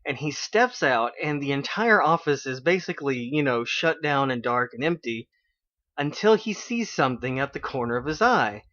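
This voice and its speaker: A man's voice: medium pitch, expressive, moderate pace, a bit bright. A man hosting an internet radio show, casually recapping an anime episode in a rambling way with lots of fillers. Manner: rambling, with many fillers and quoted character lines. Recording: dull lo-fi online radio stream.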